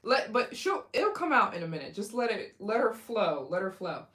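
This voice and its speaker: A young woman talks casually to her livestream viewers. She rambles and restarts her sentences, filling the gaps with fillers. Her pitch sits in a middle range for a woman. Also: sing-song, normal speed, a bit bright. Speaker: livestream host.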